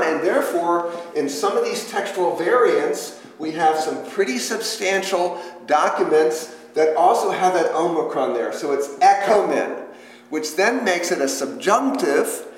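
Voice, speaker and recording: A man leading an interactive Bible study lesson, talking conversationally, quizzing the class with questions and making playful joking asides. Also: fairly high pitch. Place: church hall. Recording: echoey church hall with long reverb.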